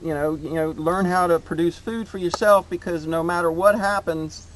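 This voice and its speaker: A man's voice: sits high, fairly even intonation, slight background noise. A man hosting his homestead channel, chatting casually outdoors in his garden and rambling with lots of fillers. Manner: rambling, halting with many fillers.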